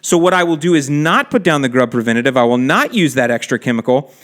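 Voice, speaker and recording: A man's voice: medium pitch, expressive, quick pace. A man hosting a casual podcast, answering listener questions with chatty, friendly advice and asides. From Florida. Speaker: podcast host answering lawn care questions.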